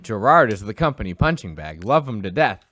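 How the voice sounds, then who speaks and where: Low-voiced, animated young male streamer. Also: fairly quick. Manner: animated, joking, playful trash talk. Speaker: co-host of a tech livestream. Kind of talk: casual livestream chat.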